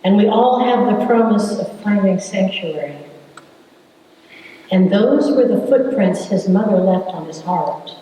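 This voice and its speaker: A woman's voice: mid-range voice, animated, a little slow, warm tone, recorded from a distance, slight background noise. Older woman telling a story in an echoey hall. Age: 70s. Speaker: speaker telling family story. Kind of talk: storytelling talk to an audience.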